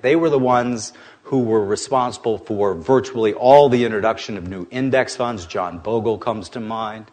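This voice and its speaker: A man speaking to an audience about investing, his voice rising and falling with plenty of life. He talks in a casual, joking way, with a medium pitch. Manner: animated, joking, conversational. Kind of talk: anecdotal talk to an audience.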